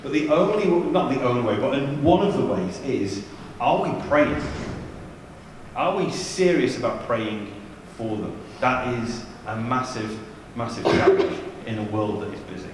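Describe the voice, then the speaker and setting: Male youth leader, mid-pitched, chatty and funny, telling anecdotes; heard from afar in a big reverberant church. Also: sing-song, a little slow, a little hiss or hum. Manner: chatty, humorous storytelling with asides. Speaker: youth ministry leader giving a seminar. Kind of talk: anecdotal church seminar talk. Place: large church hall. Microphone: distant from the mic. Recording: echoey church hall from far off.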